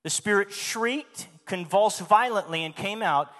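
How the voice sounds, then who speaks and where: A man's voice: sits high, a little slow, sharp tone, faint music behind. A man preaching a sermon in a church, speaking emphatically and asking the congregation questions. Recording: long hall reverb.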